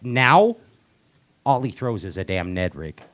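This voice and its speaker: A man's voice: on the low side, very animated, unhurried, a bit bright. A man hosting a live show from a bar, joking with guests and announcing like a hype man. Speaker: show host. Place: bar venue with live audience.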